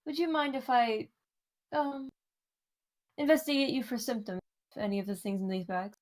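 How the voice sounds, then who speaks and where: A woman's voice: on the high side, moderate pace, a little mellow, close to an everyday voice. A woman voicing a politely formal masseuse character in a tabletop game.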